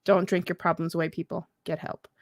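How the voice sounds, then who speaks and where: A woman's voice: on the low side, level tone, fairly quick, no room sound, clean studio sound. A woman in her thirties, a veteran and mother, telling candid stories at a mental health event in a blunt, profane way, often laughing. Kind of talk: candid storytelling.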